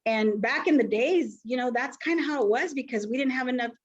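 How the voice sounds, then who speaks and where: A woman's voice: sits high, a little fast, slightly rough, highs cut off. A middle-aged woman, a social worker telling stories in an interview and acting out the people she quotes. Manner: animated storyteller, acts out quoted voices. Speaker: foster agency founder and social worker. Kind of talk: storytelling interview.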